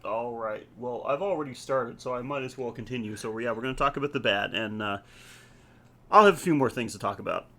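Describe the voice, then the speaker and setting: A man co-hosting a podcast in casual chat, laid-back and halting, often laughing as he talks. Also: medium pitch, pushed and bright. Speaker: podcast co-host.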